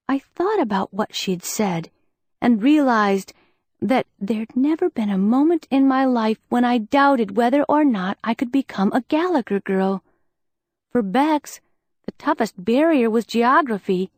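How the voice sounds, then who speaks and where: A woman's voice: on the high side, unhurried, darkish tone, dry recording. Woman reading an audiobook, close dry mic. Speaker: audiobook narrator. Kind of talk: first-person audiobook narration.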